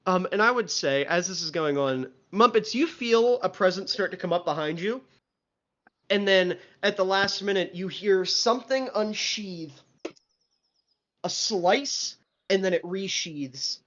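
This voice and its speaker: A man's voice: high-pitched, measured pace, fairly bright tone. A man narrating a live tabletop role-playing game as game master, in loose narration full of fillers. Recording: lo-fi stream audio.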